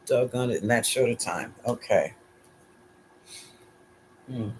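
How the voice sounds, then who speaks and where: A man's voice: mid-range voice, slow pace, a little hiss or hum. Man musing through a tarot reading. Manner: musing, thinks aloud, questions his pendulum. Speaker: tarot reader. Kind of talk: casual solo tarot reading.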